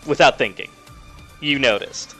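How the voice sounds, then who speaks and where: A young man narrating as game master of a tabletop game, casual and halting with lots of fillers. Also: medium pitch, sharp tone, soft background music.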